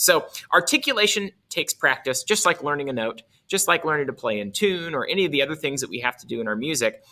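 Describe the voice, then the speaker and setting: Male music teacher, casual and self-correcting, forceful bright tone with a lively, swinging pitch. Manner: casual, self-correcting, demonstrates on his instrument. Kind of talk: instrument lesson explaining articulation.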